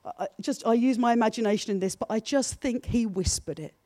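Earnest high-voiced woman preaching. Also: fast, dry recording. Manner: earnest, builds from soft confessional to emphatic. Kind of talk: sermon.

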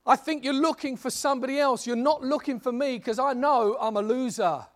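A man's voice: very high-pitched, a little fast. A timid young man protests that he is the least of all, in a self-deprecating voice, as a preacher acts him out. He sounds doubtful and defensive. It is told within a sermon. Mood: self-doubting.

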